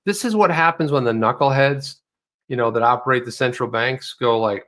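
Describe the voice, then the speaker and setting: A man's voice: mid-range voice, moderate pace, fairly bright tone. A man co-hosting a live crypto talk show in casual chat, joking and slipping into put-on voices.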